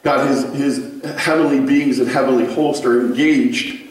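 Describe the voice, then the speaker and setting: Male pastor, conversational sermon, animated storyteller, booming church echo, distant mic. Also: moderate pace. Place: church sanctuary. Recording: very echoey room, mic far off.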